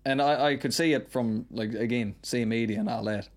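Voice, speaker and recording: Newfoundland man, 30s, rapid rambling storyteller, broad local accent. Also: medium pitch. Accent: Newfoundland Southern Shore. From Newfoundland, Canada. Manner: rambling, storytelling, quick with local turns of phrase. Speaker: podcast guest. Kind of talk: casual chat.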